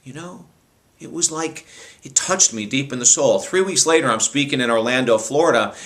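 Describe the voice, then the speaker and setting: A radio talk show host spins a personal story with eager, rambling energy, doubling back on his words as he goes. His voice is bright and forward, pitched in an ordinary male middle range. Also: moderate pace. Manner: animated, rambling, frequent restarts.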